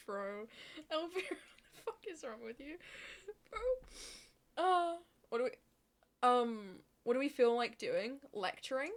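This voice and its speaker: A woman's voice: a little high, lively intonation, measured pace. A woman livestreamer chatting casually with her chat, laughing often and swearing freely.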